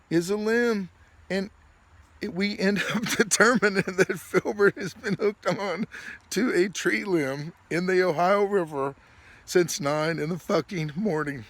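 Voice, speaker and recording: A man, hosting and telling a funny story in a casual way, acting out his friends' lines in a raised, excited voice and laughing often. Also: sits high, measured pace, no echo. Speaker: podcast host.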